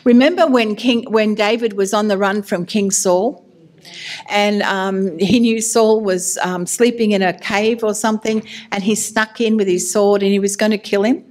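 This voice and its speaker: A woman's voice: mid-range voice, steady tone, moderate pace, a little mellow. A middle-aged woman giving a sermon as a minister, candid and self-mocking, laughing at herself as she talks.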